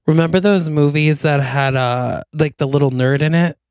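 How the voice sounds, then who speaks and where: A man from New York with an Albany accent, co-hosting a podcast with animated, joking banter. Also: a little high, normal speed, clean tone, dry recording, studio quality. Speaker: podcast co-host. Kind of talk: casual chat.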